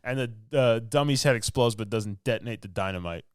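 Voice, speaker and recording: A man's voice: mid-range voice, brisk, clear, resonant tone, no echo, clean studio sound. A man co-hosting a podcast, recapping a film in a rambling, casual way with lots of "like" fillers. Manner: rambling, filler-heavy storytelling with laughs. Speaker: podcast co-host.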